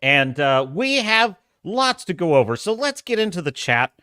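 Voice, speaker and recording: A man's voice: sits high, sing-song, moderate pace, bright, forceful tone, clear, resonant tone, dry recording, clean studio sound. A man hosting a casual live stream, talking animatedly and laughing often as he reads viewer chat aloud. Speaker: host.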